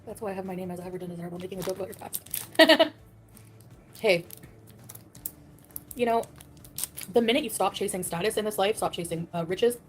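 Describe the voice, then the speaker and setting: Quick, chatty woman livestreamer. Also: medium pitch, steady tone, background noise. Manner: chatty, rambling, laughs at herself. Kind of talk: casual chat with viewers.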